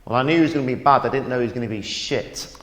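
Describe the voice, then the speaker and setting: A man's voice: mid-range voice, rapid-fire, a bit bright, natural voice. A man playing a comedy-club compère who announces acts and apologizes bluntly. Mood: apologetic. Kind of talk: stage announcement. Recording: echoey hall, faint noise.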